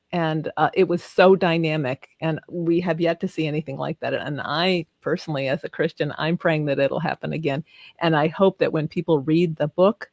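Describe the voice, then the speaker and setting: An older woman with a warm Southern US accent chats effusively as a guest author, quick to laugh and full of enthusiasm. She is heard over a video call with a dry, close sound that has little room echo. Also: low voice. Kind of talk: casual video interview.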